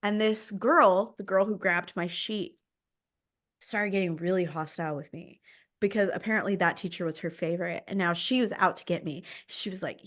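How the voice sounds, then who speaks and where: A young woman hosting a podcast, telling a personal story in an animated, dramatic way. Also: on the low side, fairly quick. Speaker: podcast host. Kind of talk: casual storytelling chat.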